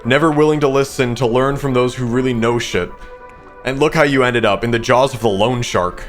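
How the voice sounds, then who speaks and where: A man's voice: medium pitch, a little fast, soft background music, natural voice. A man voicing a smug, scornful male sea creature, reading game dialogue aloud in a mocking, condescending way.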